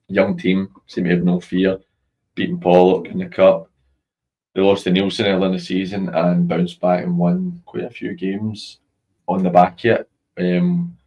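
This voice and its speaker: A man's voice: sits low, mellow, lo-fi sound. A Scottish man hosting a football chat show, frank and loosely conversational. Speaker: show host. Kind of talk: casual chat.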